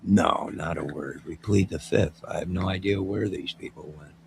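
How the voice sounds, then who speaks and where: A man's voice: low voice, moderate pace, vocal fry, darkish tone, a little hiss or hum. A man rambling in a mocking, wandering monologue, speaking to someone off to the side. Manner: mocking, wandering, talks to an unseen listener.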